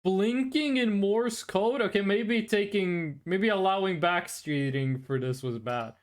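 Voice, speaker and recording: A VTuber with a medium-pitched voice keeps things casual and playful with viewers on a live stream, quick to break into laughter.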